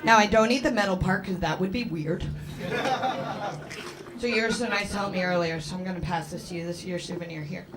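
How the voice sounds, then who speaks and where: A woman's voice: on the low side, brisk, noisy background. A woman doing stand-up comedy on a club stage, brash and chatty, with a lot of swearing. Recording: live club, loud crowd.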